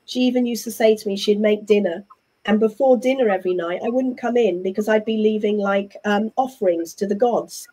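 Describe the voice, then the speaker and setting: Guest, English woman, middle-aged, warm mellow voice, chatty and animated storyteller. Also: medium pitch, a little fast. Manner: animated, chatty storyteller who acts out what others said. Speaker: interview guest. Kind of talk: casual conversational storytelling.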